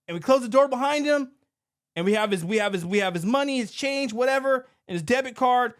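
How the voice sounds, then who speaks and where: A man's voice: very high-pitched, fairly quick. A middle-aged man who owns a security company, talking through an incident in a casual, conversational podcast manner. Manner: animated, conversational, repeats himself. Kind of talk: commentary podcast.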